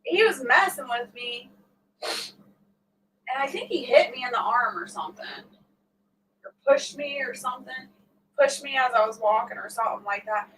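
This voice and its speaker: A woman's voice: a little high, moderate pace, long pauses, fairly bright tone. A middle-aged woman hosting a casual live stream, laughing often as she tells stories. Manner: laughs often while telling prank stories. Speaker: vlog host. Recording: distant mic, faint background noise.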